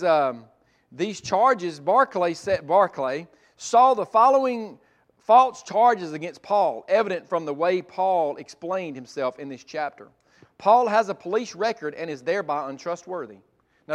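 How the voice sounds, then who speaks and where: A middle-aged man preaching a sermon, moving between loud emphatic lines and quiet gentle passages. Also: high-pitched. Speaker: pastor.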